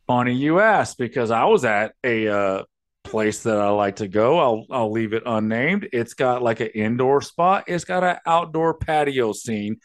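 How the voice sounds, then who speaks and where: A man's voice: mid-range voice, animated, unhurried. A man hosting a podcast, ranting and telling stories in a casual, profane way. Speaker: podcast host.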